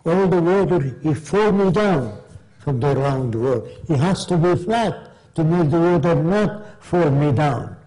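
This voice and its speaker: Older man imitating earnest leader, slow broken phrasing, mellow voice. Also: fairly high pitch, lively intonation, rough recording.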